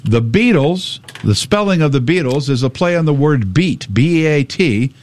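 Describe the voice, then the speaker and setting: A man's voice: a little high, moderate pace. A man hosting a radio show, talking through a list of trivia in casual, joking banter. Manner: chatty, jokey, animated delivery.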